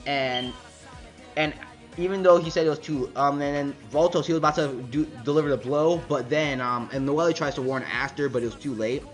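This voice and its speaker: A man's voice: on the high side, brisk, soft background music. A man casually recapping a comic chapter, rambling with many fillers and restarts. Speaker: manga reviewer.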